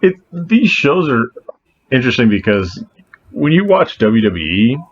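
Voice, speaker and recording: A man co-hosting a podcast, rambling in casual chat, profane, with animated asides. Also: mid-range voice, measured pace. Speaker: podcast co-host. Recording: dull lo-fi sound with faint noise.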